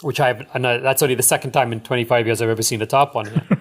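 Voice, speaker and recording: A man's voice: medium pitch, fairly even intonation, quick pace. A middle-aged man who owns a dive shop, telling rambling, enthusiastic stories as a podcast guest, full of fillers and chuckles. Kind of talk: casual storytelling interview.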